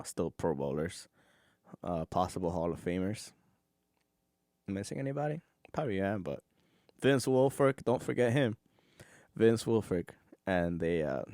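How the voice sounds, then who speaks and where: A man's voice: lowish voice, a little mellow, no echo, clean studio sound. A man hosting a solo podcast, rambling casually, swearing, and laughing as he goes. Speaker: podcast host.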